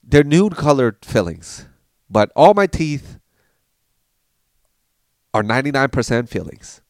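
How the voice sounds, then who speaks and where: Man telling lively childhood stories, dry sound. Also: medium pitch, slow, no room sound. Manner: animated, acts out family members while telling stories. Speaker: podcast storyteller. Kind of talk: casual storytelling.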